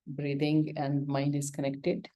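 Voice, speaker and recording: A woman's voice: low-pitched, completely flat delivery, slow pace, dark tone. A woman with an Indian accent teaching a yoga lesson, coaxing answers from her student with questions and acted-out examples.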